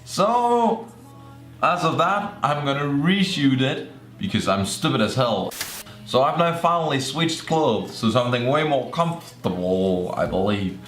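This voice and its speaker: A man's voice: mid-range voice, unhurried. Joking young man in an echoey room. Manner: joking, sarcastic, excitable outbursts. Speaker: YouTuber reacting to videos. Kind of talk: casual reaction commentary. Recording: echoey room with faint music.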